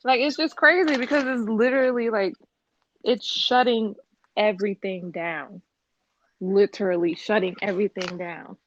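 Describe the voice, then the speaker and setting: A woman's voice: medium pitch, moderate pace, fairly bright tone, no echo. A woman co-hosting a casual podcast chat, blunt and exasperated, swearing freely. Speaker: podcast co-host. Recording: slightly dull lo-fi sound.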